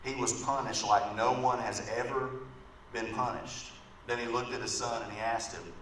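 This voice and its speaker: A man's voice: mid-range voice, fairly even intonation, normal speed, a bit bright. A man preaching a sermon in a church, telling an illustrative story in a conversational way and often checking in with the congregation with "right?". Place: church sanctuary. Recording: echoey room from far off, faint background noise.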